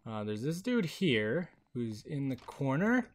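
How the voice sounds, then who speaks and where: A man commentating casually while playing a video game, talking into a headset. His voice swings widely in pitch with quick bursts of excitement and frequent laughter. He speaks at an unhurried, easygoing pace. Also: slight background noise. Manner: excitable, laughs often, chatty. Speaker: gaming video host.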